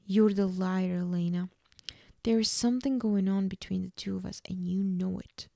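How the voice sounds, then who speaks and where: Brooding heartbroken male vampire, read plainly by a woman, mellow and gravelly. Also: medium pitch, fairly even intonation, normal speed, no echo, lightly acted.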